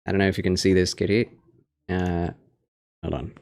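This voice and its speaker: A man chats casually with viewers during a horror game livestream, his voice low-pitched and darkish, with little pitch movement and a moderate pace. He breaks into baby talk and whispers while cooing at his cat.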